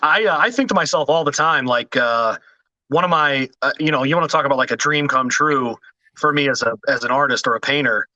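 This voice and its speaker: A man talking as a podcast guest in casual chat, hesitant with many restarts and quick to laugh. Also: mid-range voice, bright, forceful tone, no room sound, poor audio.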